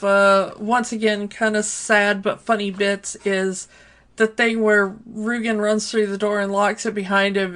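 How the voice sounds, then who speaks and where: A woman co-hosting a podcast in casual chat, unhurried, with lots of fillers. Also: mid-range voice, fairly bright tone. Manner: unhurried, many fillers like um and you know. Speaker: podcast co-host.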